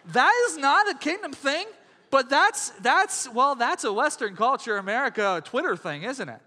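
A man preaching a sermon as pastor, in a lively, conversational way, often asking the congregation whether they follow. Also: high voice, normal speed, big-room sound. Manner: animated, conversational, asks audience questions.

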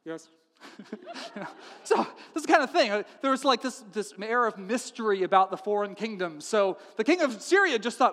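Speaking at a moderate pace in a large hall, this pastor has an extremely high-pitched voice. His sermon unfolds as a funny, animated story in which he plays each character with comic voices.

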